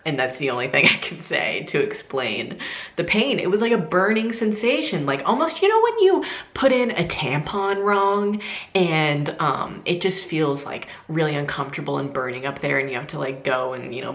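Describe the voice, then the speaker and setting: A young woman with a notably low voice recounts her own experience in a casual storytime vlog. She is animated and laughs often as she talks. The room around her sounds echoey. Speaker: vlogger.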